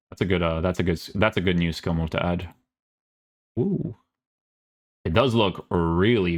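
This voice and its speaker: Male gamer host, deep voice, offhand sarcastic reactions while reading patch notes. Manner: casual, sarcastic asides, many fillers. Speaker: gaming YouTuber.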